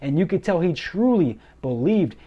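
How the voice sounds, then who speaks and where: A young man excitedly recapping a wrestling show, gushing and repeating himself as he goes. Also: on the high side, moderate pace, lo-fi sound. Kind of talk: enthusiastic recap commentary.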